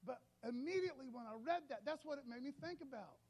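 High-voiced casual male preacher. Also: quick pace, breathy edge. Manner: casual storytelling, says "man" often, animated shifts in loudness. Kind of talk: sermon.

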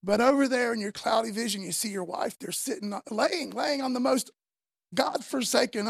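A woman preaching a sermon, emphatic and repetitive, building from quiet to loud and passionate. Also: fairly high pitch, gravelly, breathy edge, dry recording, studio quality.

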